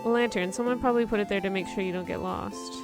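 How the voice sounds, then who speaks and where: A woman's voice: mid-range voice, steady tone, fast. A young woman streamer reading a game's narration aloud in a casual, chatty way. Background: game music.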